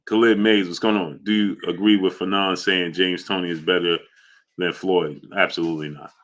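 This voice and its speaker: Boxing stream host from New York, man, low-pitched but bright and forceful, shout-outs to chat. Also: fairly even intonation, normal speed. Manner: shouts out viewers by name, loud hype bursts. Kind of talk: casual livestream chat reading super chats.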